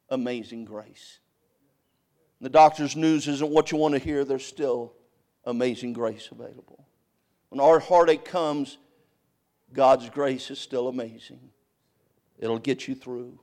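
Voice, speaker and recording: An older man preaching a sermon, swinging between loud emphatic cries and hushed, quiet storytelling. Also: mid-range voice.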